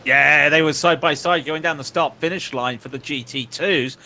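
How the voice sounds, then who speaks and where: A man's voice: fairly high pitch, moderate pace, sharp tone. Chatty West Country commentator man. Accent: West Country English. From England. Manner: chatty, jokey, rambling with many restarts. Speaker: sim racing co-commentator. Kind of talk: live race commentary.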